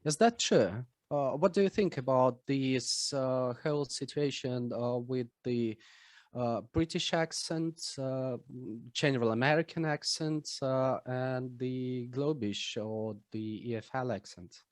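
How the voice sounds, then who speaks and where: A man's voice: medium pitch, slow, dry recording. Hesitant man asking a question. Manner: hesitant, many filler uhs. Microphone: video call.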